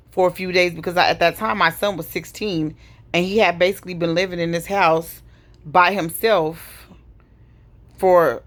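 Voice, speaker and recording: A middle-aged woman speaks to the camera about a painful stretch of her life. Her voice sits a little low, and she tells it in a heavy, personal way, pausing and sighing as she goes. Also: a bit bright. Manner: heavy, emotional retelling with pauses and sighs. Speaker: vlogger telling her story.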